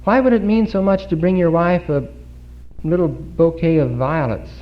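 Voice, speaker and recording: A man giving a Bible talk in a congregation hall, earnest and full of rhetorical questions and pauses. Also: fairly high pitch. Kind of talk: sermon. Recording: dull lo-fi 1950s recording.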